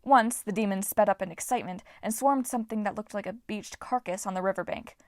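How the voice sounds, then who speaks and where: A woman's voice: medium pitch, a little fast, no echo, clean studio sound. A woman narrating an audiobook expressively, giving each character a voice.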